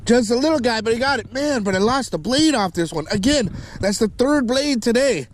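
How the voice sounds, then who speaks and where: Excitable man, fishing vlog host, high pitched, swinging pitch, outdoors, noisy background. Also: a little fast, few pauses. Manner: excitable, whoops loudly at catches. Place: outdoors on the water.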